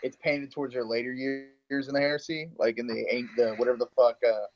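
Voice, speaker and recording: A man's voice: medium pitch, steady tone, fairly quick. A man in casual podcast chat, enthusiastic and full of fillers and swearing. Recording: dull lo-fi sound.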